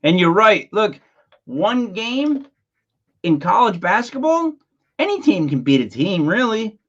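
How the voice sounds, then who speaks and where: A man's voice: sits high, very animated, measured pace, a bit bright, lo-fi sound. A man hosting a casual sports podcast, talking in an emphatic, conversational way and sometimes repeating words as he starts a sentence. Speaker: podcast host.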